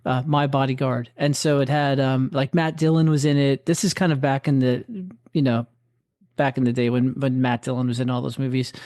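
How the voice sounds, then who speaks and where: A man co-hosting a teachers' podcast, talking in an easygoing way with hedges and quick apologies. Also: mid-range voice, flat delivery, darkish tone, no room sound, studio quality. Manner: easygoing, hedging, apologetic asides. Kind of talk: casual chat.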